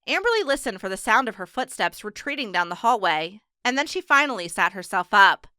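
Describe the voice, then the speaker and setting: A woman reads an audiobook aloud in a steady, measured way. Her voice is bright and crisp, and the recording is close and completely dry. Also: medium pitch, dry recording. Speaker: audiobook narrator. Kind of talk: scripted narration.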